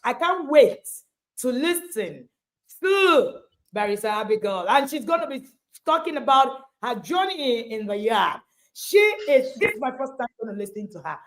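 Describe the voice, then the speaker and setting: A high-voiced woman hosts a parenting livestream. She is exuberant and chatty, her pitch leaping around as she laughs and hypes her guest. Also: normal speed. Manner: exuberant, animated, laughs often. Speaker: host and parenting coach. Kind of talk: livestream interview.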